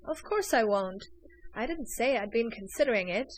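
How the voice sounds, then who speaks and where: A woman reading an audiobook voices a stubborn young man who speaks calmly and firmly. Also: on the high side, normal speed, poor audio. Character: young male narrator hero, cool and stubborn.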